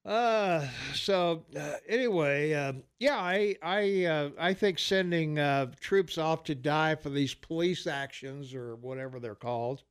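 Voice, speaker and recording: A man's voice: fairly high pitch, measured pace, few pauses, smooth. An older man hosting a talk radio show, rambling through political banter with lots of fillers and easy laughter.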